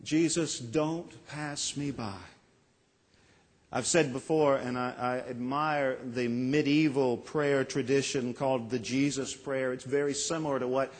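A man preaching a sermon as pastor, earnest, with dramatic pauses and voiced quotes. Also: mid-range voice, fairly even intonation, long reverb tail.

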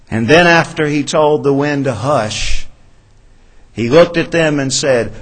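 A man preaching a sermon in a measured, earnest way, often dropping soft and low for emphasis. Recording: long hall reverb.

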